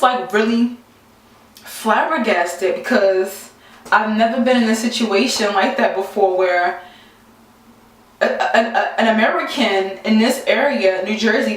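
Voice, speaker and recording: A young woman vlogger telling a story to camera in a casual, animated, exasperated way, acting out the quotes. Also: a little high. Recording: very echoey room, mic far off.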